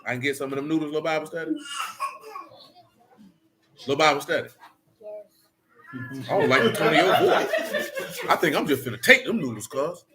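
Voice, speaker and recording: A man's voice: a little high, animated, normal speed, long pauses, background noise. A man leading a casual Bible study, blunt and slangy as he preaches and rants.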